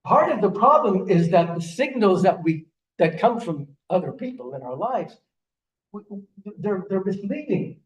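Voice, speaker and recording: A man's voice: high-pitched, very animated, a little slow. Earnest older man preaching in an echoey hall. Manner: storytelling, earnest, with repeated restarts. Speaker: rabbi. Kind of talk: sermon. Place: synagogue sanctuary. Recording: echoey room, voice from a distance.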